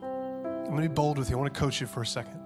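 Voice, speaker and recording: A man in his thirties preaching a sermon with passion, dropping to hushed tones and then rising to loud, urgent peaks. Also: mid-range voice, steady tone, fast talker, over music. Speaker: pastor.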